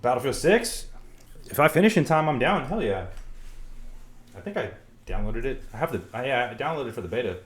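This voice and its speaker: A man's voice: mid-range voice, very animated, a little fast, long pauses. A man streaming live, talking casually to his chat and muttering to himself while he rebuilds a keyboard, swearing now and then. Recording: roomy, with faint background noise.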